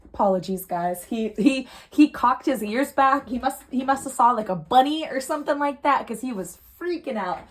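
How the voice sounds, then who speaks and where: A young adult woman giving a pick-a-card tarot reading at home, earnest and emotional, swinging from soft to heated. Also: high voice, animated, normal speed. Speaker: tarot reader. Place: home room.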